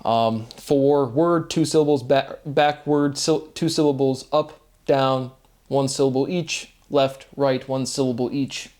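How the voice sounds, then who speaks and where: A man of medium pitch talks alone in a rambling, free-associating monologue. He strings words together by sound, poses rhetorical questions, and keeps checking in with a quick "right?". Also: fairly even intonation, a little mellow. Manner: musing, free-associating wordplay, asks himself rhetorical questions; often tags lines with "right?" and chuckles at himself. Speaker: solo video monologue host.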